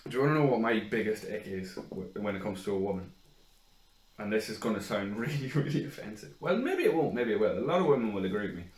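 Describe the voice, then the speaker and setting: A man co-hosting a podcast in casual banter, crude and quick to laugh, with the odd acted-out rant. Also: on the low side, lively intonation, a little mellow, reverberant, low-quality recording. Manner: crude, laughing, acts out others' rants. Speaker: podcast co-host.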